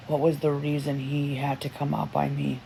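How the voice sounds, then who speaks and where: A livestream host tells a personal story in a loose, rambling way, stopping to restart sentences and to read the chat. The voice sits in a middle pitch range, neither high nor low. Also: monotone, measured pace, vocal fry, slight background noise. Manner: rambling, with self-interruptions and restarts; emotional retelling, reading chat aloud.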